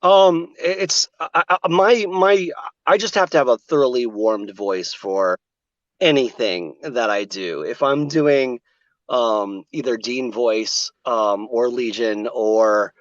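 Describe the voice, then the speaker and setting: A man's voice: medium pitch, slow, dry recording, muffled recording. A male voice actor explaining his vocal technique in an interview, over a video call. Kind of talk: remote interview.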